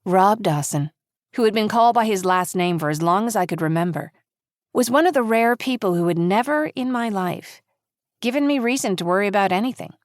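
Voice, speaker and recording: A woman giving measured, reflective first-person audiobook narration. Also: medium pitch, lively intonation, no room sound, clean studio sound. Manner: measured, reflective, quietly intimate.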